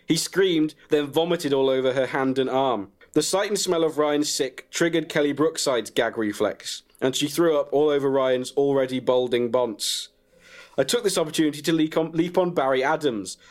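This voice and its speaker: A man narrating a comic story in a deadpan way, chuckling at his own jokes. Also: medium pitch, normal speed. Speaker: comedian storyteller.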